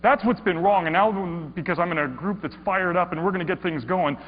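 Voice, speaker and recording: A man's voice: high voice, fairly quick. A man giving a dramatized storytelling talk, acting out his inner monologue with stammering repeats. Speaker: speaker. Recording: echoey hall, dull sound, mains hum.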